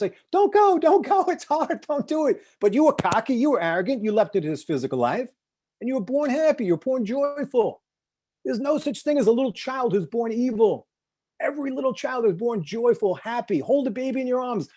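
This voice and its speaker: A middle-aged man from the United States, a success coach giving an animated motivational talk on a video call, swinging from loud bursts to hushed asides as he tells stories. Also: high voice.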